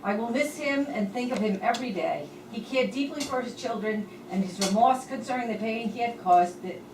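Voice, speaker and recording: A woman's voice: on the high side, animated. Woman, heartfelt eulogy reader; distant mic, echoey hall, audible hiss. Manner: measured, earnest and heartfelt. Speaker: speaker reading a tribute at a memorial. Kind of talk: reading a written eulogy.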